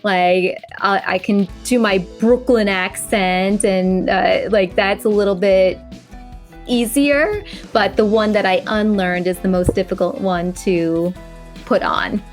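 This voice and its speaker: Slow-talking woman with a General American accent. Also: mid-range voice, faint music behind. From Long Island, New York. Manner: relaxed, laughs often, many fillers. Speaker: voice actress guest. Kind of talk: casual interview chat.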